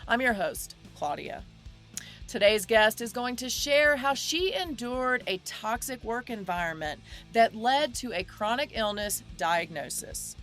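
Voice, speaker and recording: A woman's voice: fairly high pitch, very animated, a little slow, fairly bright tone, soft background music. A woman hosting a podcast, introducing her guest and asking questions in a chatty way. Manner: chatty, with restarts. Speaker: podcast host.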